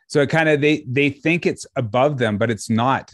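A man co-hosting a podcast on trades teaching, talking in a relaxed, chatty way and laughing easily. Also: medium pitch, moderate pace, no echo, studio quality. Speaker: podcast co-host, trades education developer. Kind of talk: casual conversational podcast chat.

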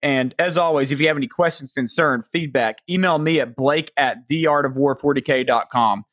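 Southern male podcast host, mid pitch, dry close mic, friendly question reader. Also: normal speed, fairly bright tone, no echo. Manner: friendly, reads listener questions aloud. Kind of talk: casual podcast hosting.

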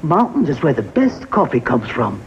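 An actor playing a cheery middle-aged husband in a vintage coffee commercial. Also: male voice, medium pitch, huge pitch swings, normal speed, vocal fry. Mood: salesy. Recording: dull lo-fi old ad audio with faint hiss.

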